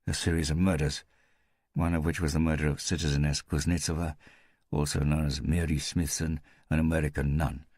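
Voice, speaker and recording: A man's voice: a bass voice, flat delivery, brisk, darkish tone, dry recording, clean studio sound. A man voicing a weary male police captain under arrest, who answers in an insistent, defensive way in an audiobook.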